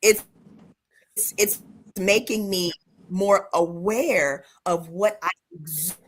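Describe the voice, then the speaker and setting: A woman in her thirties, a comedian guest telling lively stories in casual panel chat, acting out her children. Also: on the low side, takes it slowly. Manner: animated storyteller acting out her kids.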